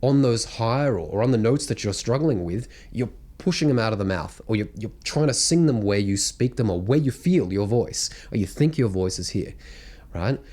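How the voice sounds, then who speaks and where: A man's voice: fairly low pitch, lively intonation, normal speed, dark tone. A man teaching vocal technique in a blunt, casual way, breaking into hums and sung demonstrations. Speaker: singing coach. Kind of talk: vocal technique lesson to camera.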